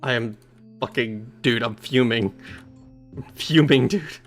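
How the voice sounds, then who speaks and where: A man's voice: mid-range voice, unhurried, pauses often, faint music behind. A man giving let's play commentary on a retro game, swearing freely, getting frustrated and answering his chat. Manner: swears heavily, easily frustrated, talks to chat. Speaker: streamer playing a retro role-playing game.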